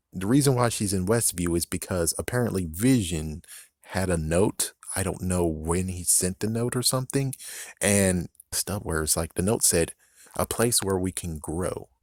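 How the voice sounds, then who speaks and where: A man's voice: deep voice, normal speed, dry recording, clean studio sound. An American man giving a rambling, profane casual commentary on a TV episode, often laughing and correcting himself. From United States. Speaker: YouTube commentator.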